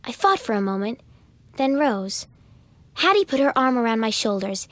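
A woman reads a storybook aloud in the first person, clear and even, with a high voice. The recording is close and dry, with no room sound. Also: moderate pace, dry recording. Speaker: audiobook narrator.

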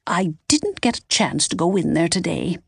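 A woman's voice: fairly low pitch, big pitch swings, normal speed, gravelly, husky, dry recording, studio quality, full character voice. A woman voicing a bold, spirited woman sleuth who talks brashly.

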